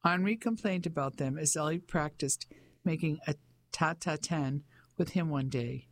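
An audiobook narrator reading a novel in an even, measured storytelling manner. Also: medium pitch. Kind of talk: scripted narration.

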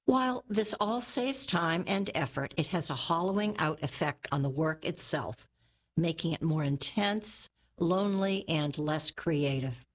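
Female reader, deep and unhurried, careful newspaper reading. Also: animated. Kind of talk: reading opinion columns aloud.

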